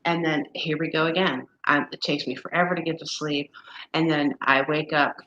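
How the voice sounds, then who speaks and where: A low-pitched woman in her fifties talks wearily in a casual chat with a friend. She rambles, exasperated, stumbling through restarts and fillers. A faint hiss sits under her voice. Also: fairly even intonation, normal speed, pushed and bright, dull audio. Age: 50s. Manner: weary, complaining of exhaustion. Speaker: woman talking with a friend about menopause.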